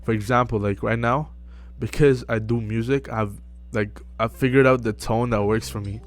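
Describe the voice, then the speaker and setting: A young man giving casual self-improvement advice to camera, relaxed and full of fillers, often checking in with "right?". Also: mid-range voice, normal speed. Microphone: close mic.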